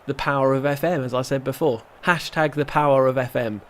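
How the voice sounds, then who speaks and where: A gaming YouTuber offers casual let's-play commentary, chatty and rambling, reacting aloud to the match and poking fun at himself. His voice is mid-range with a steady tone, slightly fast and a bit bright.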